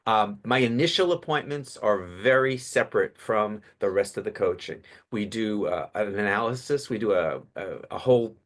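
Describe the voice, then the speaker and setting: Man coaching public speaking, slightly low voice. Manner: animated storyteller, quick restarts. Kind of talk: podcast interview.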